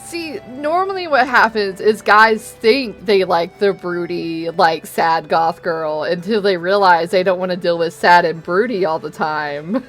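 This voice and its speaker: A woman's voice: mid-range voice, pushed and bright. Young woman gamer chatting with viewers; swings her voice all over, takes her time, giggles and curses freely. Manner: laughs often, swears, teasing. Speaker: streamer. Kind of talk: casual chat while gaming.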